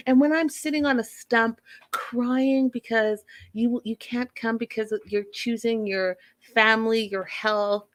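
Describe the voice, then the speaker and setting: A woman's voice: a little high, fairly even intonation, measured pace. A woman hosting a casual reality TV recap, sassy and blunt with an exasperated edge. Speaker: podcast host.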